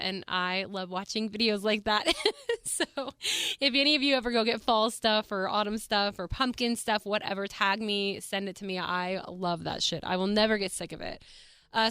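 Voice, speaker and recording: A woman's voice: mid-range voice, pushed and bright, smooth, dry recording, studio quality. A young adult woman hosting her own podcast, chatting casually and animatedly, swearing freely and saying "like" a lot. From Texas. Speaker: podcast host. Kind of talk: casual solo podcast chat.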